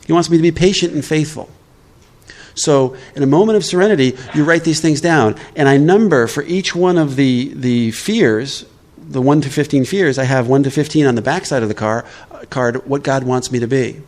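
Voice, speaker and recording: A man speaking at a live recovery workshop, talking plainly and conversationally. His pitch sits in the middle for a man, and he keeps pausing to check that his listeners follow him. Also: a little mellow. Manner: conversational, checks in with "all right?".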